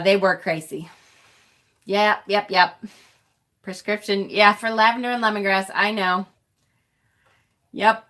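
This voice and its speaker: Hosting a laid-back livestream, a middle-aged woman is blunt, curses liberally and laughs often. Her mid-range voice comes across as pushed and bright.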